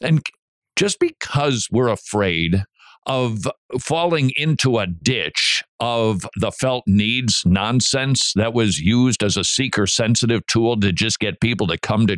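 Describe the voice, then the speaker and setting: A middle-aged man hosting a Christian radio talk show, preaching in an animated way with asides and restarts. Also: mid-range voice, dry recording, studio quality. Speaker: radio host.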